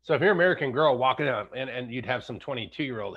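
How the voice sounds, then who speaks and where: 50s guy hosting a podcast, animated, jokey, bouncy voice, kinda muffled sound. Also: medium pitch, fast talker. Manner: animated, slips into jokey accent impressions. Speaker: podcast host. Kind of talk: casual chat.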